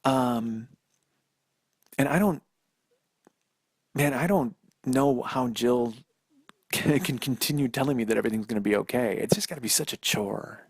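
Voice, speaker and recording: A man's voice: medium pitch, a little slow, pauses often, slightly rough, no echo, studio quality. Self-mocking man rambling into a phone. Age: 40s. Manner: rambling, self-deprecating, profane. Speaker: podcast host. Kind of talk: solo storytelling monologue.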